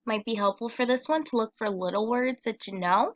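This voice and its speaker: A woman teacher giving a recorded phonics lesson for children, sounding out words slowly and patiently. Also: on the high side, animated, dull audio.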